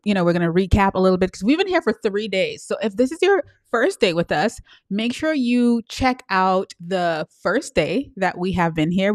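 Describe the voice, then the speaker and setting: A bubbly woman hosts a live stream, greeting viewers in sing-song swoops and laughing easily. Her voice sits at a middle pitch. The sound is dry and close, with no room echo. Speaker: livestream host and coach. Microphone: live-stream setup.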